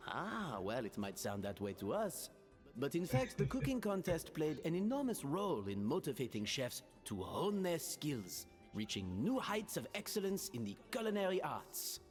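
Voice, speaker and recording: Brief: flamboyant French gentleman, courtly and flowery, lively melody. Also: a little high, moderate pace, in a large hall, soft background music. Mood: grandiose. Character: theatrical French gentleman host, courtly and grand.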